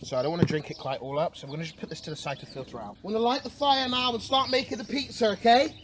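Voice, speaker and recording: A young man streaming a casual outdoor vlog, excitable and chatty, who keeps calling his viewers boys and swings between mumbling and yelling. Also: high-pitched, racing, a little hiss or hum. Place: outdoor garden.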